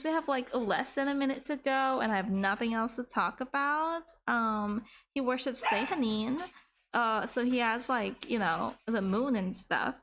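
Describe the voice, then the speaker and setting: A woman's voice: high voice, fairly bright tone, slight background noise. A woman livestreamer chatting casually while she draws, rambling and swearing now and then into a desk microphone. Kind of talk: casual chat while drawing on stream.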